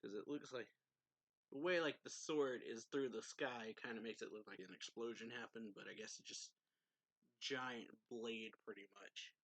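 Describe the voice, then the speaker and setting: A man's voice: mid-range voice, moderate pace, a bit bright, no echo. A young man casually retelling a manga chapter as a reviewer, rambling with many fillers and the odd laugh. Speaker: anime reviewer.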